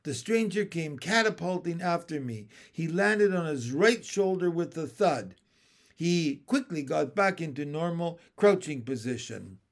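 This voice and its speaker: Brief: man narrating a children's book, slow pace, raised, lively pitch. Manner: slow, expressive storytelling. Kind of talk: storybook read-aloud.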